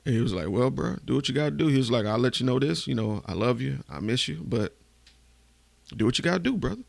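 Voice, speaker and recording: A man podcast host telling a candid, emotional personal story, swearing casually and going hushed at the painful parts. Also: mid-range voice, lively intonation, quick pace, creaky, no room sound.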